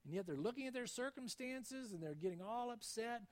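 A man with a notably high-pitched voice delivers a sermon. He reads scripture aloud and tells stories dramatically, his tone shifting expressively. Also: expressive, fairly quick, hardly any pauses, darkish tone. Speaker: pastor.

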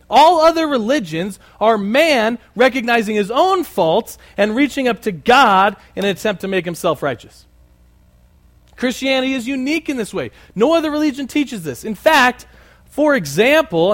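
A man preaching a sermon and telling a story, animated and conversational with many asides. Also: high-pitched. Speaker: pastor.

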